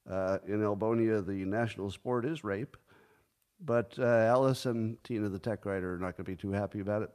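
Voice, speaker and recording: A man in his sixties hosting a solo commentary show, talking casually with dry sarcasm and mock outbursts. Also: medium pitch. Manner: sarcastic, deadpan joking with sudden mock outbursts. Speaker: podcast host.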